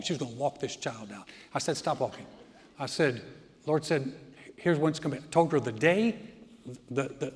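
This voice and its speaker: A man in his sixties preaching a sermon, alternating emphatic, swelling declarations with anecdotes told with repeated words and restarts. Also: medium pitch. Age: 60s. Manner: emphatic preaching that swells loud on key lines, with stories in between. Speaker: pastor. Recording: long hall reverb with faint music.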